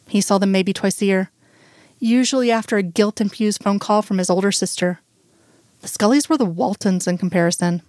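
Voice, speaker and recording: A woman narrating a story with a slow, measured reading. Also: medium pitch, no room sound. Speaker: audiobook narrator. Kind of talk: scripted narration of fan fiction.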